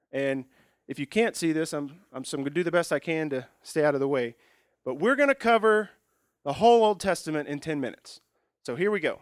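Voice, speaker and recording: A man's voice: a little high, dry recording, clean studio sound. A man preaching a sermon, praying and then teaching at a whiteboard in a folksy, joking way. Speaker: pastor.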